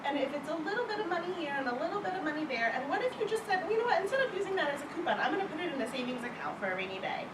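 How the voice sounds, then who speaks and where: A woman giving a live seminar talk to an audience, chatty and conversational with self-deprecating asides. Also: high voice. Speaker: presenter at a wellness event. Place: event room before an audience. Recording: echoey room, distant mic, background noise.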